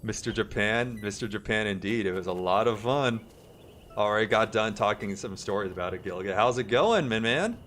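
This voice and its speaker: A man's voice: on the low side, lively intonation, normal speed, fairly bright tone, slight background noise. Chatty man streaming a game. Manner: chatty, greets chat, laughs easily. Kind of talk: casual livestream gameplay commentary. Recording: stream audio with game music.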